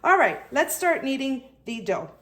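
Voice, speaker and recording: A woman with a high, very animated, fairly bright voice hosts a casual home cooking lesson at a normal speed. Chatty and a bit out of breath from kneading dough, she walks viewers through each step.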